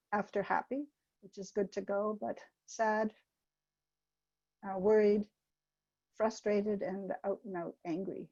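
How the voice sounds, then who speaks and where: An older woman leads a webinar presentation in a mellow, relaxed voice. She talks gently, telling little anecdotes between pauses and fillers. The recording is dry and a little dull. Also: medium pitch, no echo. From Canada.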